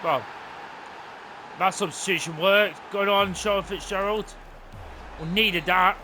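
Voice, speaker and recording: A young man commentating his own football video game, excitable and openly venting at the play. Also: high-pitched, slow pace, noisy background. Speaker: gaming channel host. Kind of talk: live gameplay commentary. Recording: game music playing underneath.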